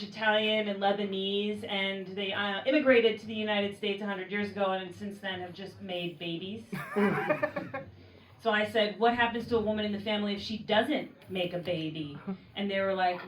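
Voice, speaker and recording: A woman's voice: medium pitch, a bit bright, a little hiss or hum. Wry, swearing woman doing stand-up in a bar. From Oakland, California. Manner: conversational, wry, swears freely, acts out quoted voices. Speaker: stand-up comedian. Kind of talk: stand-up comedy set. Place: bar comedy show. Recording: roomy mic from far off, audience laughter.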